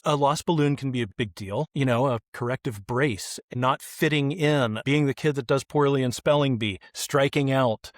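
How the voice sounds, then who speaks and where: A middle-aged man on a podcast, telling stories in an animated way and acting out the voices of the people in them. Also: mid-range voice, dry recording, studio quality. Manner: animated, acts out quoted voices. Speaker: kids ministry guest. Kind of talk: podcast interview storytelling.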